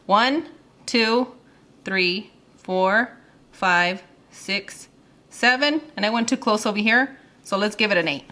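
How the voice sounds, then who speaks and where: A cheerful woman in her thirties hosts a cooking video from her home kitchen. Her voice is bright and forward. She talks casually, laughs easily and counts out loud while she works. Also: medium pitch, slow pace, pauses often. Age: 30s. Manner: chatty and giggly, counts aloud while working. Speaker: cooking channel host.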